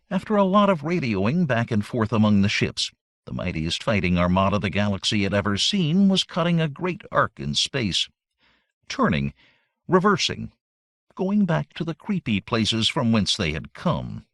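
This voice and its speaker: Male audiobook narrator, gravelly, swooping pitch, wry comic read. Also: unhurried, no echo, clean studio sound. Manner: wry, animated storytelling with acted character voices.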